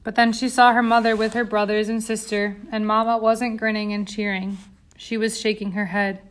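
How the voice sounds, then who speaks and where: Woman audiobook reader, mid pitch, tense dramatic narration. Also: flat delivery, moderate pace.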